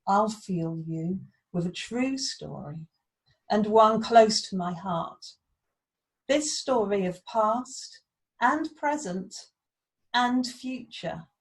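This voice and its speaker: A woman reading aloud and voicing a mysterious one-eyed male wanderer who speaks in a calm, measured way. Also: medium pitch.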